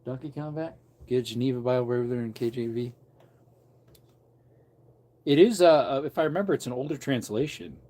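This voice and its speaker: A man's voice: mid-range voice, brisk, long pauses, mellow. A man who preaches, chatting casually on a livestream from an outdoor porch and wandering between topics as he reads comments aloud.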